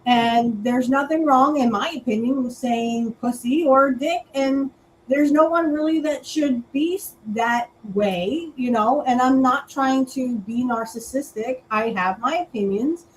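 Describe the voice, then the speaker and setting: Blunt high-voiced woman co-host. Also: a little slow, slight background noise, low-quality recording. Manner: blunt, outspoken, crude. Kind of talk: casual political chat.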